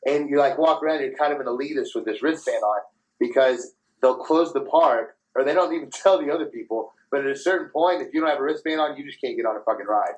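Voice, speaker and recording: A man in his thirties hosting a podcast, telling profane, animated anecdotes in casual chat and laughing as he goes. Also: mid-range voice, quick pace, low-quality recording. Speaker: podcast host.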